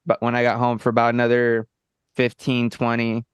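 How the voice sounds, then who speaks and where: A man co-hosting a podcast in a laid-back, casual chat, high on edibles, peppering his talk with "bro" and "you know what I mean". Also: completely flat delivery, a little fast, smooth, dry recording, clean studio sound. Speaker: podcast co-host.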